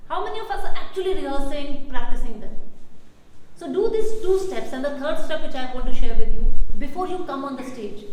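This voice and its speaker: A woman's voice: sits high, fairly quick, a little hiss or hum. A woman from India leading a public speaking workshop, often putting questions to the audience. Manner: questions the audience, lively teaching delivery. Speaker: workshop presenter. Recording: echoey hall with faint ambience.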